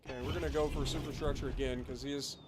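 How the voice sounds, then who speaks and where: A man streaming live gameplay, commenting casually and breaking into loud, profane rants. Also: mid-range voice, fairly even intonation, racing, very noisy. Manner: profane, swings into loud ranting. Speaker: gaming livestreamer.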